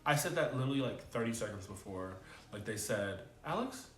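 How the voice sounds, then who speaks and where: A man giving a casual, animated spoken TV review, with loose slangy talk and many fillers. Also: a little fast, reverberant, soft background music. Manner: animated, swings into high excited exclamations. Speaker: TV review vlogger.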